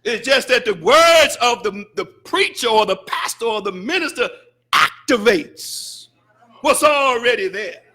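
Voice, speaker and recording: A man preaching a fervent sermon as a student minister in a mosque, breaking into shouted bursts and wry, mocking asides. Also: extremely high pitch, animated, very noisy. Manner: mocks excuses in wry, drawn-out asides.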